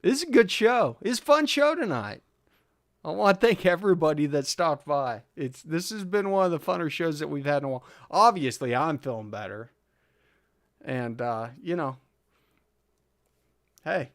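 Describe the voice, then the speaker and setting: A man's voice: fairly high pitch, animated, normal speed, pauses often, dry recording, studio quality. A man hosting a live car tuning stream, chatting casually, answering viewers' questions and chuckling often. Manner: laid-back, chuckling often, reads chat aloud.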